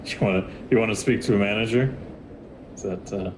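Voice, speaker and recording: Acting as game master for a tabletop game, a man narrates with many fillers and restarts, rambling as he goes. His voice is on the low side and his pace is brisk, with background noise in the recording.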